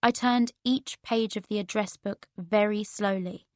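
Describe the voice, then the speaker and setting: A woman narrating a romance audiobook in the first person, in a measured storytelling manner. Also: medium pitch, fairly even intonation, darkish tone, dry recording.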